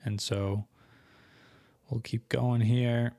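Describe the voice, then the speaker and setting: A young man walking through a screen-share tutorial, thinking aloud casually and correcting himself as he goes, his voice going hoarse. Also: medium pitch, level tone, very slow, dark tone, no echo. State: losing his voice. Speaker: co-host of an online selling channel.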